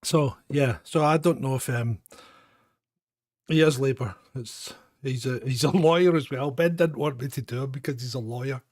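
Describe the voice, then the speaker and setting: A man's voice: medium pitch, normal speed, darkish tone, dry recording, clean studio sound. A Scottish man hosting a live phone-in stream, chatting in a rambling, self-mocking way with chuckles. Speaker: host of a live phone-in show. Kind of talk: casual live-stream chat.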